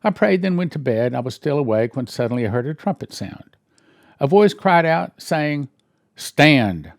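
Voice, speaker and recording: A church minister reading news headlines aloud and breaking in with wry, sarcastic asides and questions he thinks through out loud. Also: on the high side, animated, moderate pace, vocal fry, no echo, studio quality.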